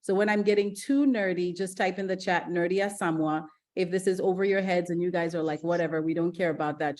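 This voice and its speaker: A middle-aged woman from Ghana, a gastroenterologist giving a lively online masterclass, chatty and energetic, with fillers and restarts. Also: on the low side. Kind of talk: live online masterclass talk.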